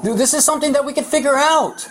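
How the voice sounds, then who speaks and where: A man's voice: extremely high pitch, quick pace, very noisy. A man, a sheriff's deputy, pleading urgently and repetitively with a suspect in a crisis negotiation, heard on body camera audio.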